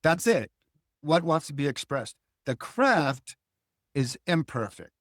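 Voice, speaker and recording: Man, older, reflective and philosophical, animated storyteller, raised pitch, dry close recording. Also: slow, no room sound. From Hull, Massachusetts. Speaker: guest cartoonist. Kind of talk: relaxed interview conversation.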